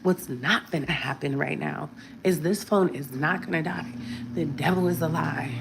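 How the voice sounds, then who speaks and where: A woman's voice: low-pitched, normal speed, creaky, noisy background. A woman hosting a casual livestream from her home, talking straight to her viewers on a phone held at arm's length, sometimes dropping to a whisper. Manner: chatty, talks straight to viewers, often drops to a whisper. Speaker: livestream host. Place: home, walking through rooms.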